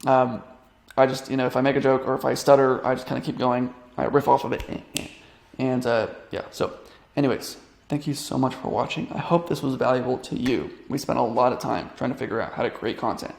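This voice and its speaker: Gravelly young man rambling through a tutorial. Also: medium pitch, fairly even intonation, brisk, a little mellow, roomy sound. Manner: rambling, filler-heavy, frequent restarts. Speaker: online business coach. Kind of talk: casual screen-share tutorial.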